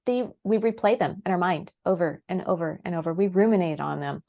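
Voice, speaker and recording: Low gravelly-voiced woman podcast guest. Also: brisk, lo-fi sound. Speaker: podcast guest, human design expert. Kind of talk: casual conversational podcast chat.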